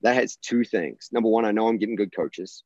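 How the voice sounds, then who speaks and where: A man's voice: on the low side, a little fast, mellow, no echo, dull audio. A college volleyball coach, a man, telling stories earnestly and passionately, often restarting his sentences. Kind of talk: conversational interview storytelling.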